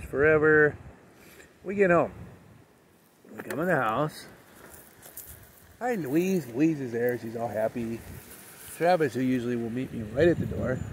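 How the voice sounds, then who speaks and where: Gravelly-voiced guy telling a rambling dog story outside on a ranch, noisy outdoor camera audio. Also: mid-range voice. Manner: chatty, rambling, animated when telling the story. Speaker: vlogger walking his dog. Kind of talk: casual storytelling vlog.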